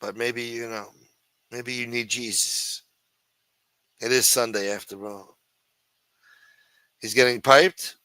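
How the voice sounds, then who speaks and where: A man's voice: mid-range voice, fairly even intonation, slow, pauses often, pushed and bright, clear, resonant tone, no room sound. A man hosting a casual livestream show, rambling and teasing with plenty of profanity. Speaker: show host.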